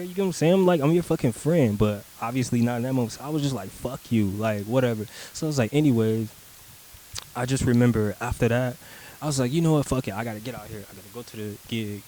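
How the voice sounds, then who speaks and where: In a low-quality recording with some hiss or hum, a young man with a dark, medium-pitched voice talks fast. He rambles casually and profanely through a personal story, saying "like" constantly and acting out his own replies.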